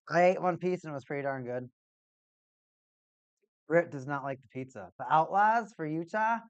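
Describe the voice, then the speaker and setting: A woman hosts a hockey watch-party stream and chats casually with her viewers. She rambles, jokes and circles back over the same points. Her mid-pitched voice sounds dry and close, with no room echo. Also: smooth, muffled recording. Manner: rambling, jokey, repeats herself. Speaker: livestream host.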